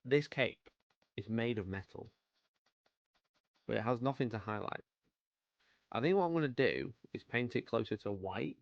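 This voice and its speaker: Painting miniatures on his live stream, a UK host with a British accent chats casually and welcomes viewers by name. His medium-pitched voice is expressive at a moderate pace, with long pauses, no room sound and lo-fi sound.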